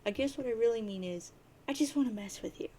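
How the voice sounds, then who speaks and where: A woman's voice: on the high side, fast talker, warm tone, slight background noise, lightly acted. A woman reading a webcomic aloud, voicing a blunt, teasing blind teenage girl in a bossy, mocking way.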